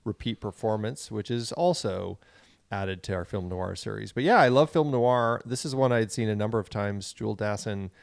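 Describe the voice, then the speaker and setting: Gravelly-voiced man cohosting a podcast. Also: lowish voice, animated, normal speed, no echo, studio quality. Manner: playful, teasing banter. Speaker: podcast co-host. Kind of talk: casual film-discussion podcast chat.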